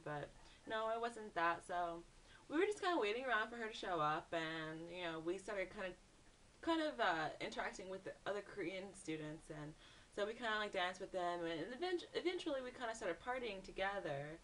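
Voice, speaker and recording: A young woman vlogger telling a story in a casual, animated way, saying "like" a lot. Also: medium pitch, brisk, recorded from a distance, slight background noise. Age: young adult. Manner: animated, says "like" a lot, acts out screams in quotes.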